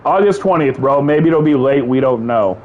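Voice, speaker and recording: A man co-hosting a casual podcast chat, animated, laughing often and repeating himself. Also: medium pitch, moderate pace. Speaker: podcast co-host. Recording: dull lo-fi sound.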